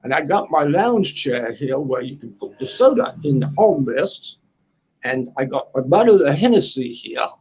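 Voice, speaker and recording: A man's voice: fairly high pitch, sing-song, moderate pace, darkish tone, highs cut off, slight background noise. A man faking a smug British boaster. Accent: put-on British. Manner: mocking impression, drawled boasts.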